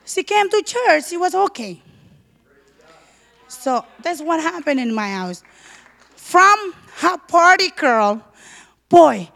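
A woman preaching a fervent sermon testimony, leaning on repeated emphasis and sometimes breaking into shouted praise. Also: extremely high pitch, vocal fry. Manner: leans on repeated emphasis words.

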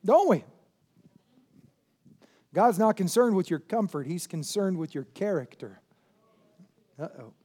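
A male pastor preaching a sermon. He fires rhetorical questions at the congregation and swings from loud shouting to quieter intensity. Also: high-pitched, lively intonation, a little slow, long pauses, breathy edge.

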